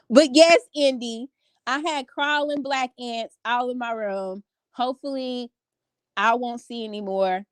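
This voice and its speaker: Woman vlogger in her 30s, higher voice, dry close sound, chatty storyteller. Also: measured pace, dry recording. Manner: animated storytelling with many fillers. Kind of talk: casual chat to a live audience. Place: home bedroom.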